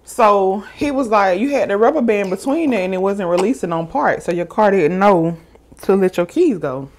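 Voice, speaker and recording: Female mukbang vlogger, chatty storytime delivery, lively quoting. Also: mid-range voice, normal speed. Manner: chatty and animated, quoting others in raised voice. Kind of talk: casual storytime to viewers.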